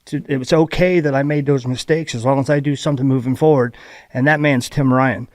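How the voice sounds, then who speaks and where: A man from Ohio speaking as a podcast guest, telling his recovery story in a halting, heartfelt way with many restarts. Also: medium pitch, steady tone, no room sound. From Ohio, USA. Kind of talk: candid personal recovery story.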